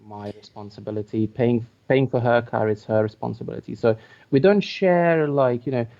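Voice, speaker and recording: A man's voice: mid-range voice, moderate pace, gravelly. Hesitant man over dull lo-fi audio. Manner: hesitant, lots of fillers and restarts. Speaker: co-host. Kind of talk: casual chat.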